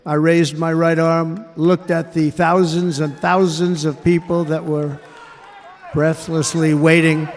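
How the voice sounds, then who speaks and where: Slow older American man in an echoey arena. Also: a little high, level tone, faint music behind. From United States. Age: 70s. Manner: slow, measured, emphatic delivery with repeated phrases. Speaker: political candidate. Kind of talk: speech to a rally crowd. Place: large indoor arena. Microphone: podium microphone. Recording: echoey arena with crowd noise. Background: crowd in the arena.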